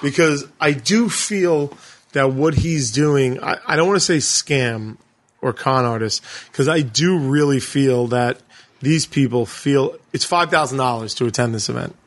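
A man co-hosting a podcast, retelling a documentary in casual chat, animated and full of profanity. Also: mid-range voice, a little slow. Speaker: podcast co-host.

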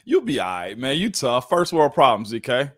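A man with a Southern American accent co-hosting a casual sports talk show, joking and laid-back with drawn-out phrasing. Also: mid-range voice, sing-song, a bit bright, no echo. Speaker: co-host, former football guard. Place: remote studio.

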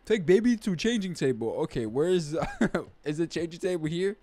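Animated young man playing a game. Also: fairly high pitch, moderate pace. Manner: animated, swings up into loud excited outbursts; slangy, says bro and man. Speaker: gaming YouTuber. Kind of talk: casual let's-play commentary.

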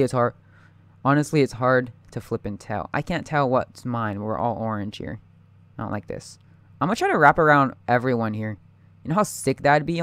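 A young man giving live gameplay commentary, anxious and excitable, often muttering and repeating himself. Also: mid-range voice, clear, resonant tone, no echo.

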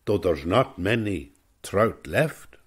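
A man's voice: sits low, expressive, slow pace, slightly rough, exaggerated voice. A man voicing a chatty old countryman with a Cavan accent, wistfully recalling fishing lore.

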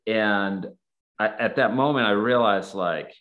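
A man's voice: lowish voice, a little slow, highs cut off. A man guest on a podcast, telling stories in a casual, rambling way full of fillers. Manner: rambling, filler-heavy, acts out quoted dialogue. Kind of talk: casual storytelling.

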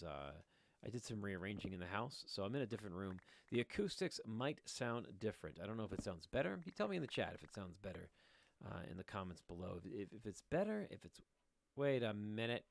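With a voice on the low side and some vocal fry, a middle-aged man hosts a gaming video from a room at home. His let's-play commentary is casual and rambling, full of jokes aimed at the viewers he talks to as he plays.

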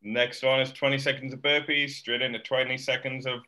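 A man's voice: medium pitch, level tone, fairly quick, bright, forceful tone. A man coaching a live workout class over a video call, counting down sets and giving short encouraging cues. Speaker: fitness coach.

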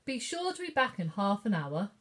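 A woman's voice: medium pitch, big pitch swings, moderate pace, husky. A woman reading aloud, voicing a flustered older grandmother who talks in a fussy way.

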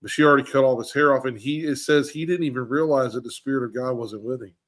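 A man at a middle pitch leads a relaxed bible study with a group. He talks in an animated way and slips into other voices when he quotes people. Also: quick pace. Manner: animated, acts out quoted characters. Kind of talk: casual group bible discussion.

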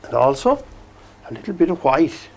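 A man teaching a painting demonstration, gently coaxing the brushstrokes as if talking to the paint. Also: a little high, big pitch swings, moderate pace, vocal fry. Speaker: painting instructor.

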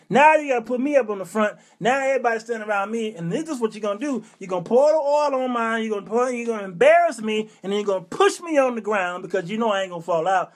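A middle-aged man with a notably high speaking voice hosts his own show and rants in a lively comic tirade. He leans into exasperated, preacher-like rhetorical questions and a relaxed, drawling vernacular, his pitch leaping up and dropping low as he goes. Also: fast, few pauses. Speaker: show host. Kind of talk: comic rant on a talk show.

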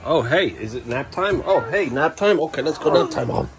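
A man's voice: lively intonation, normal speed. A father filming at home, chatting playfully with his young sons in a sing-song voice. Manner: playful, sing-song baby talk to the kids, often jumping up high. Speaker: father and vlogger. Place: family home, kids' bedroom. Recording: noisy home video.

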